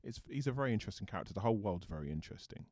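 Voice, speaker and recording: A man's voice: lowish voice, expressive, very fast, warm tone, breathy edge, no room sound. A British man, an actor guest, chatting thoughtfully in an interview and often restarting his sentences. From Britain. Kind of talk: casual interview chat.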